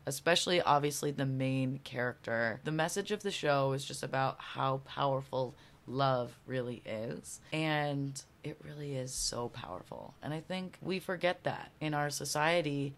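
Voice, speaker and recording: Low-voiced chatty young woman. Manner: chatty, profane, laughs often, acts out quotes animatedly. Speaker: podcast host. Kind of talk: casual storytelling monologue.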